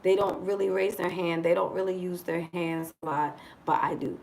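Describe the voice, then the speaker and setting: A woman from the United States chatting casually on a livestream from abroad, expressive and joking, calling her viewers y'all. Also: fairly low pitch, normal speed, creaky, a little hiss or hum, poor audio. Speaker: vlogger living abroad. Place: indoors in Dar es Salaam.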